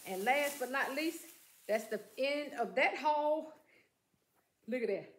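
A woman vlogger chatting excitedly about her shopping haul and calling out to her viewers as she goes. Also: high voice, takes it slowly. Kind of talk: casual haul vlog chat. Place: room at home. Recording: echoey room.

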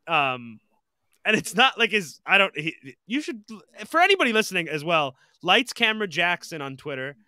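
A man co-hosting a podcast in casual chat, animated and rambling, swearing now and then. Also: high voice, normal speed, no room sound, studio quality. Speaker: podcast co-host.

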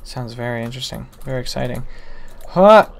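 A man's voice: fairly high pitch, lively intonation, moderate pace. A man playing a video game and commenting live, talking to himself and the game with mock-exasperated outbursts. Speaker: gaming YouTuber.

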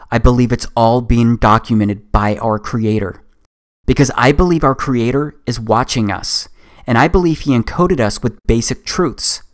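Earnest man narrating a voice-over. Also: medium pitch. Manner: earnest, preaching conviction. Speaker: documentary narrator.

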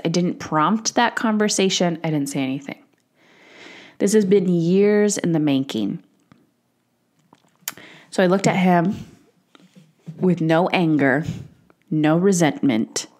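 A woman in her thirties hosting a solo podcast, talking candidly and casually swearing, acting out the voices she quotes. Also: fairly low pitch. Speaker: podcast host.

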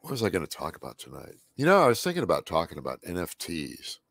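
Painting on a live stream, this man rambles quickly in a deep, scratchy voice full of vocal fry, his pitch swooping wildly. The tone is a bit bright and the recording dry, and he keeps muttering to himself and trailing off mid-sentence.

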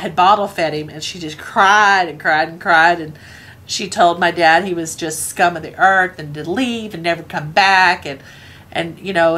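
A woman's voice: lowish voice, a bit bright. Laughing Scottish woman telling a family tale. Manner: chuckling, acts out family members' lines. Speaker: storyteller. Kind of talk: casual spoken family anecdote.

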